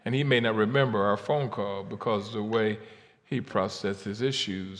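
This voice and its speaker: A man from Ohio giving a keynote faith talk, swinging from quiet asides to shouted, drawn-out declarations. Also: fairly low pitch. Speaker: keynote speaker. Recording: long hall reverb.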